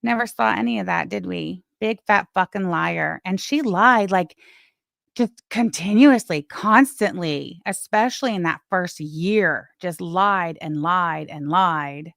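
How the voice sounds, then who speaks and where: A woman's voice: lowish voice, measured pace, vocal fry, fairly bright tone, no room sound, studio quality. A woman co-hosting a live stream, talking casually in a blunt, profane and scornful way. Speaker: co-host of a live commentary stream.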